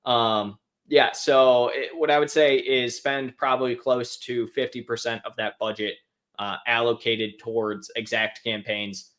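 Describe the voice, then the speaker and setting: A man's voice: medium pitch, level tone, unhurried, a bit bright. A young man hosting a live question-and-answer stream, talking offhand with lots of fillers and restarts. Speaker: host answering viewer questions. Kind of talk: casual live Q&A.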